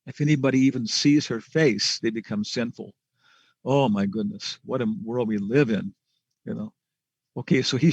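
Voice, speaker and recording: A man's voice: medium pitch, gravelly, no room sound, muffled recording. A man giving a scripture class lecture, telling stories in a chatty way with restarts and chuckles. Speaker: spiritual teacher.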